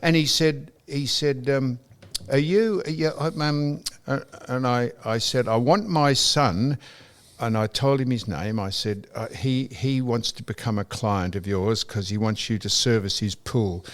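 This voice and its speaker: A man's voice: medium pitch, measured pace. An older Australian man co-hosting a podcast, telling an anecdote in casual chat, mimicking people and swearing now and then. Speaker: podcast co-host.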